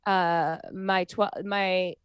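A woman's voice: lowish voice, level tone, drawn-out words, smooth, dry recording. A woman in her thirties in casual chat, talking earnestly about spiritual ideas and often restarting her sentences. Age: 30s.

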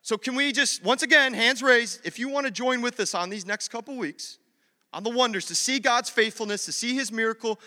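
A male pastor preaching a sermon in a church, telling a story with lively acted-out dialogue. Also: very high voice, fairly quick, big-room sound. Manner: animated storytelling, acts out dialogue.

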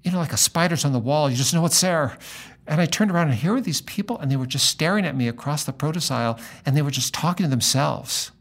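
A middle-aged man, a pastor, talking in a relaxed conversation and telling a story, acting out the lines of the people in it. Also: a little high, fast. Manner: animated storyteller acting out dialogue. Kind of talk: conversational storytelling in a podcast interview.

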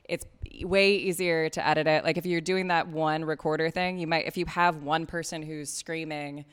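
A woman's voice: sits low, fairly even intonation, normal speed, clear, resonant tone, long reverb tail. A woman podcast host giving frank, chatty advice in casual talk on a panel. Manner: chatty, frank, loose with swearing.

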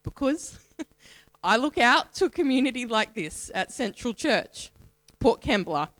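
An Australian woman speaking at a church in a sermon style, building long rhythmic lists with measured pauses. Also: on the high side, sing-song, fairly bright tone, no room sound. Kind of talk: sermon-style spoken reflection.

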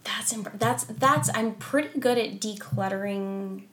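A woman's voice: mid-range voice, unhurried, fairly bright tone, a little hiss or hum. A woman hosting a podcast interview, asking curious questions and offering short encouraging replies. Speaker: podcast host. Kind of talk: casual interview.

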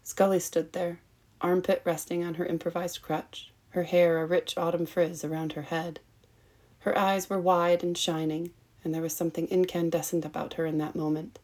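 A woman reading a fan-written story aloud as its narrator, in a measured, even way. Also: lowish voice. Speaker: story reader. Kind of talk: fanfiction audiobook narration.

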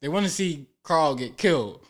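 A man's voice: on the high side, animated, moderate pace. A man talking casually about making his web series, loose and laughing often. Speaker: web series creator and actor. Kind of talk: casual podcast chat.

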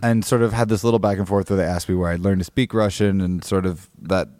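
Deep male guest, rambling anecdote with lots of fillers and restarts, dry close sound. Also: fairly even intonation, fast, darkish tone, no room sound. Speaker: guest musician. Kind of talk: casual storytelling interview.

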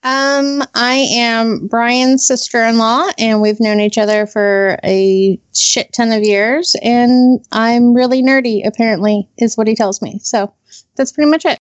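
A woman with a high, squeaky voice, guest-hosting a casual podcast, laid-back and swearing casually. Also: fairly even intonation, a little slow, no room sound, dull audio. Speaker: guest host.

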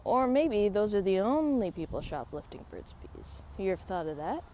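A woman's voice: medium pitch, very animated, normal speed, mellow. A woman around thirty, vlogging casually on a walk in a park, with rambling, wry, self-mocking asides. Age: 30s. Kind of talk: casual vlog while walking a dog. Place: outdoor park. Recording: faint outdoor noise.

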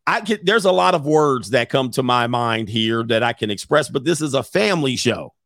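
A man's voice: medium pitch, lively intonation, normal speed, gravelly, fairly bright tone, no echo, clean studio sound. A male host giving blunt, opinionated casual reaction commentary, laughing often as he talks.

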